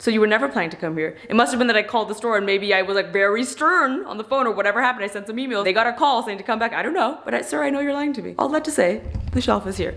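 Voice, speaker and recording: Fast-talking exasperated woman vlogger. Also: a little high. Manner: exasperated, ranting, quick and animated. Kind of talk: casual vlog talk to camera.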